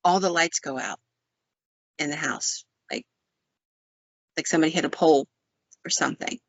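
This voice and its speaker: A woman's voice: on the low side, fairly bright tone, dry recording. Woman casually retelling an eerie tale. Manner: chatty, loose, with fillers like "um" and "like". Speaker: podcast host. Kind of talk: casual storytelling. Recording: dull, dry lo-fi sound.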